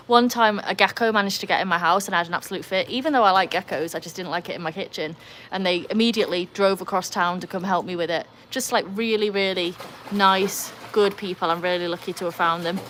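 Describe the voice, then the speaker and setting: An Englishwoman with an English accent hosts a relaxed live stream from beside a backyard pool, chatting with viewers as they join. Her voice sits at an ordinary mid pitch and leaps up brightly whenever she greets someone. A faint hum of outdoor ambience sits behind her. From England. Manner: chatty, jumps to high excited greetings. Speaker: livestream host reading chat. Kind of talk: casual live chat.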